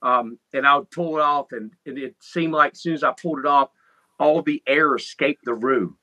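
Bright-voiced Southern man with a thick drawl. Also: medium pitch, normal speed, poor audio. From North Carolina. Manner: thick drawl, plainspoken, proud. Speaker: guest musician. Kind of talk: casual interview chat.

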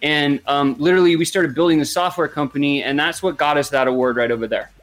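A man sharing his business story as a podcast guest, energetic and rambling, full of fillers. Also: fairly high pitch, quick pace, soft background music. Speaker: guest entrepreneur.

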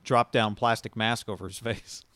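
A man co-hosting a casual sports talk show, animated, telling stories with quoted dialogue and swearing now and then. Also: lowish voice, normal speed, no room sound.

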